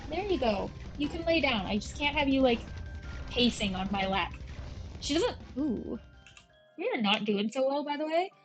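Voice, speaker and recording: A woman's voice: high-pitched, lively intonation, moderate pace, soft background music, low-quality recording. A young woman chatting casually and self-deprecatingly as she comments on a game she is playing at home, drifting off into tangents. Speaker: gaming channel host. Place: at home with her cats.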